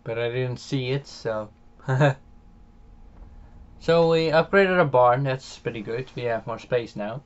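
A man with a Dutch accent talks through a farming game in a relaxed, halting way, often pausing on filler sounds and starting phrases over. His voice sits at a middling pitch. The home mic sounds dull and lo-fi. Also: clean tone. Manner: hesitant, many filler sounds and restarts. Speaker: game channel host. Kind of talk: casual gameplay commentary voiced afterwards.

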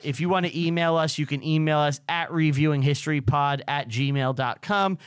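A man co-hosting a casual podcast, talking in a relaxed, rambling way and sounding sleepy. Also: fairly high pitch, moderate pace, clean tone, no echo, studio quality. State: sleepy, yawning. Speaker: podcast co-host.

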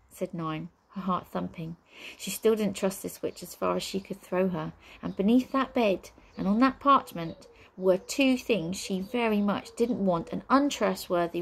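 A woman reading a children's storybook aloud in a steady, measured way. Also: mid-range voice, gravelly, breathy edge, rough recording. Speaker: audiobook reader. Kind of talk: storybook narration.

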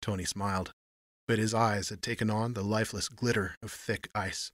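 A man narrating a noir short story in measured, even storytelling. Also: fairly low pitch, no echo, clean studio sound.

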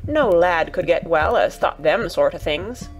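Woman doing a farm boy, broad dialect, earnest and gentle, faint music. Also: lowish voice, expressive, unhurried. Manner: broad dialect, warm and coaxing.

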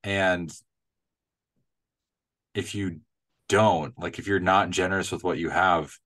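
Midwestern male co-host, deep voice, thoughtful and unhurried in chat. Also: steady tone, fairly bright tone. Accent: Midwestern American. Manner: thoughtful, hedging with fillers. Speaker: church podcast co-host. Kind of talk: casual chat.

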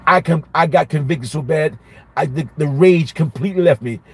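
A male minister with a somewhat high, husky and mellow voice tells a personal story as a sermon. He speaks in an animated storytelling manner and says most phrases twice for emphasis. The sound is dry and close, with no room echo. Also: normal speed. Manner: repeats each phrase for emphasis. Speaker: minister teaching Bible study.

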